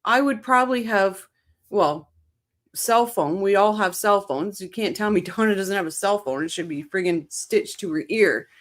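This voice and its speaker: A woman's voice: mid-range voice, expressive, normal speed. A woman hosting a true-crime show, casually commenting on trial footage with blunt, sarcastic asides. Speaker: true-crime channel host.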